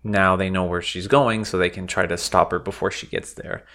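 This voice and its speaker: Casting: low-pitched male podcast host, casual and profane scene recaps. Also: fairly even intonation, normal speed, pushed and bright. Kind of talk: casual film recap chat.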